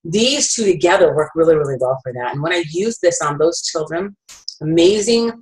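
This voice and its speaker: A middle-aged woman with a slightly low voice talks through a story in a relaxed, chatty way. She pauses with fillers and corrects herself as she goes, like she is presenting to friends. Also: poor audio. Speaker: essential oil presenter.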